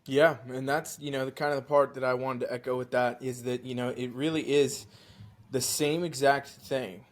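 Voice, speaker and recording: A man's voice: medium pitch, fairly even intonation, normal speed. A man hosting as a coach, chatting casually with many "you know"s and "right"s. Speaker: coach and host. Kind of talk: casual podcast chat.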